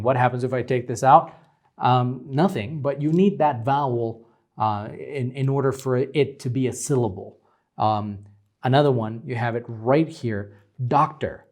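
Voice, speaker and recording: A young man teaching phonetics, explaining symbols slowly with frequent ums while pointing at examples. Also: mid-range voice, darkish tone. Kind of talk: phonetics lecture at a board.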